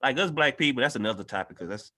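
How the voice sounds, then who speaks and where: A man's voice: medium pitch, lively intonation, fast, bright, forceful tone. A man guest-hosting a podcast, talking in an earnest, loose and conversational way. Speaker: guest host. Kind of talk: casual podcast discussion.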